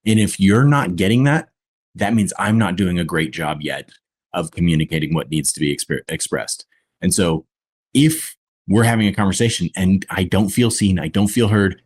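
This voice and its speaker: A man guest on a podcast, speaking in a reflective, deliberate way with long pauses. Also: low voice, husky. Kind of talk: conversational podcast talk.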